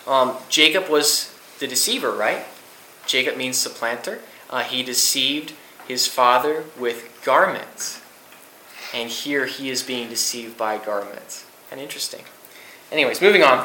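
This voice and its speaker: Young male youth preacher, bright voice, chatty Bible teaching, echoey hall, faint room noise. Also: mid-range voice, steady tone, moderate pace. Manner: conversational, with fillers and rhetorical questions.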